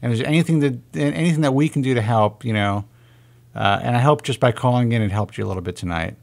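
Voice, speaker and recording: A man's voice: mid-range voice, fast, gravelly, darkish tone. A man hosting a radio call-in show, rambling and joking with callers in casual chat.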